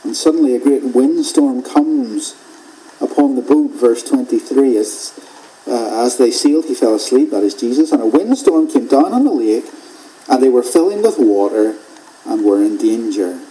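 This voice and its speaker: A man preaching an expository sermon in a measured way, repeating phrases for emphasis and dropping to a hush at key points. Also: mid-range voice, lively intonation, rough recording.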